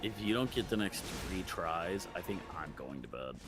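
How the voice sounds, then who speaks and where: A man chatting casually while gaming, retelling jokes in an animated way and laughing often. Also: sits low, normal speed. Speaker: gamer. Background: game music.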